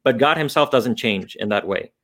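A man's voice: mid-range voice, animated, normal speed, fairly bright tone. A man explaining philosophical ideas off the cuff as a guest, thinking aloud with frequent restarts and fillers.

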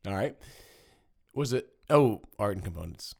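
Casual podcast co-host, man, very deep voice, animated and jokey, rambling explanations. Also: moderate pace, creaky, breathy edge. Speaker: board game podcast co-host. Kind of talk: casual chat. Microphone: studio microphone.

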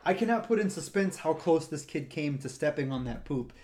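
A man with a slightly high, lively, mellow voice talks briskly as he co-hosts a laid-back podcast. A park ranger, he spins a wandering story about his job in the park, doing the voices of the people involved.

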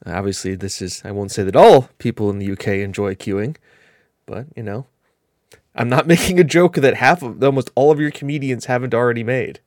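A man's voice: mid-range voice, fairly quick, darkish tone, no echo, studio quality. A man with a New England accent hosting a podcast in casual, rambling chat, laughing at himself. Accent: New England American. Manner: rambling, laughing, self-deprecating.

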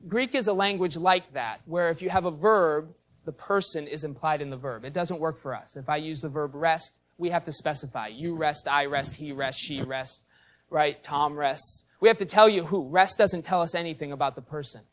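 Male pastor, fairly high voice, teacherly sermon, explains and quizzes the congregation. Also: moderate pace, fairly bright tone. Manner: teacherly, explains the Greek and asks the congregation questions. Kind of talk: expository sermon.

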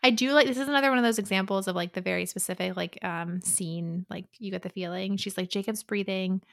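A woman in casual chat, relaxed and dry, with lots of fillers as she trails through her thoughts. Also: mid-range voice, quick pace, creaky, no echo. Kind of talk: casual book-recap chat.

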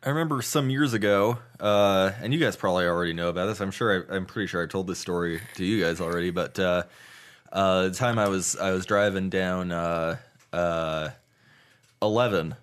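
Low-voiced man telling a halting story. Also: clean tone. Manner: halting storytelling full of fillers and swearing. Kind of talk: casual chat.

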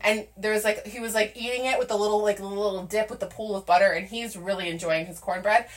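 A young woman telling a story in casual chat, animated and laughing as she acts out quotes. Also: medium pitch, fast.

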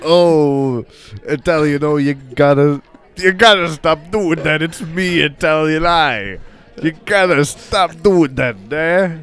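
A man's voice: on the high side, fast, hardly any pauses, darkish tone, faint music behind, pitched above the performer's own voice, natural voice. A man voicing a brash male Italian caricature in an exaggerated mock accent, scolding a friend.

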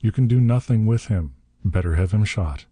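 Brief: man reading as cocky nephew, casual and cruel, low pitch, dry. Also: moderate pace, dark tone, husky, no echo. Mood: mocking. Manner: familiar, chuckling, sneering. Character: scheming, mocking nephew of the villain.

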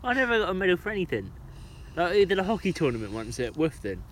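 A man's voice: sits high, sing-song, quick pace, fairly bright tone, a little hiss or hum. A young man from England co-hosting a podcast, chatting casually, swearing and joking between laughs. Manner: sweary, jokey, laughs a lot. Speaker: podcast co-host. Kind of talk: casual banter.

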